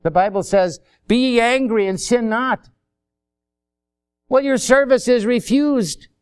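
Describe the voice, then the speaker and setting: Pastor, male, high clear voice, slow and folksy sermon delivery with acted-out asides. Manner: folksy, acts out little dialogues.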